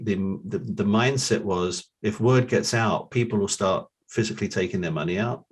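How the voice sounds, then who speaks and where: Husky London man telling stories. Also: on the low side. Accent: London English. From England. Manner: halting, repeats opening words. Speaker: guest, forensic accountant. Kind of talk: relaxed storytelling.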